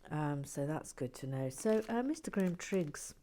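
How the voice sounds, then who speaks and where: A middle-aged woman hosting a soft-spoken ASMR build video, often slipping into a whisper, chatty and mildly self-deprecating, close to the mic at a tabletop. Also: deep voice, expressive, moderate pace. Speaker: channel host building brick sets.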